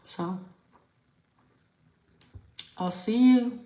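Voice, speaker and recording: A woman's voice: on the high side, very slow, warm tone. A young woman with a New York accent hosts a podcast solo, chatting casually while doing her makeup, candid and profane. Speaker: podcast host. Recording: echoey room.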